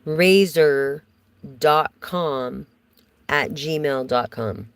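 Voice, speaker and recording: A woman's voice: deep voice, extremely slow, smooth, rough recording. A woman giving a casual live tarot reading, chatty and rambling as she talks straight to her viewers. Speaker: tarot reader.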